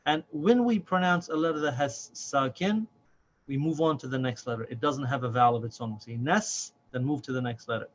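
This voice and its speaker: Patient male reading teacher, slightly muffled. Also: mid-range voice. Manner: patient, slow and deliberate, drawing out syllables. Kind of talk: step-by-step lesson. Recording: slightly dull audio with faint noise.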